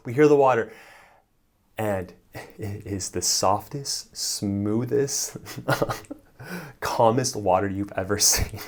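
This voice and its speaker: A man's voice: medium pitch, measured pace. A man coaching on relationships, telling stories casually and animatedly, often adding "like" and "right?" and chuckling as he talks. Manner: animated storyteller, frequent "like" and "right?", chuckles while talking. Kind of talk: casual advice monologue to the camera.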